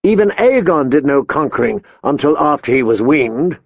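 A man voicing a stern, honorable male lord in an audiobook, firm and measured. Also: fairly high pitch, sing-song, dry recording, dull audio. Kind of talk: audiobook character voice.

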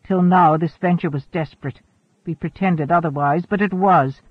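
A man's voice: fairly high pitch, normal speed, slightly rough, dry recording. A man voicing a resolute, commanding starship captain who talks firmly. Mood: determined. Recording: narrow, phone-like, dry sound.

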